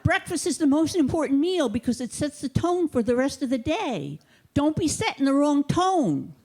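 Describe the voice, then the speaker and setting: A high-pitched woman performs comedy in a theater, handheld mic in hand, keeping her jokes deadpan and faux-authoritative. She talks at an ordinary speed.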